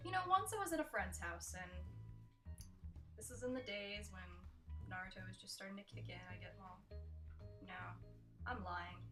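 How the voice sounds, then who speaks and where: A woman's voice: medium pitch, moderate pace, long pauses, recorded from a distance. A young woman doing a sarcastic comic countdown monologue, slipping in mocking impressions. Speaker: comedy vlogger. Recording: echoey room with faint music.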